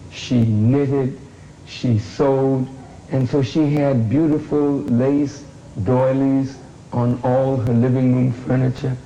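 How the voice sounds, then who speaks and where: An older man telling his grandchildren a family story in a deliberate way, pausing often with fillers. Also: mid-range voice, warm tone. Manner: deliberate, with long pauses and fillers. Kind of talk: slow storytelling. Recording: dull, roomy recording with faint hum.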